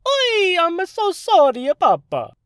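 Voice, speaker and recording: A man's voice: wildly swooping pitch, takes it slowly, no room sound, studio quality, full character voice. A man mimicking a bombastic, over-the-top fake Italian accent in a mocking impression. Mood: hammy. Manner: cartoonish, bombastic, high and loud.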